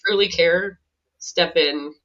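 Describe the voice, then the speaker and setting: Bright, chatty woman on lo-fi audio. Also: fairly low pitch, slow. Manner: animated, chatty, laughs easily. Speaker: podcast co-host. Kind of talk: casual conversational storytelling. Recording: dull lo-fi recording.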